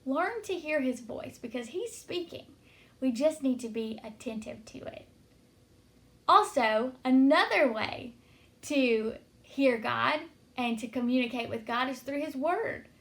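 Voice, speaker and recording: High-voiced woman giving a devotional talk. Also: animated, measured pace, a bit bright. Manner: earnest, storytelling, encouraging. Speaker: Christian teacher. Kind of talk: devotional teaching.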